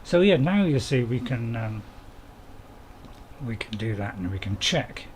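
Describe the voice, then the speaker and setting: A very animated man of medium pitch talks a little slowly as he streams a farming game. He rambles casually to his viewers, mocking himself along the way, with slight background noise in the recording.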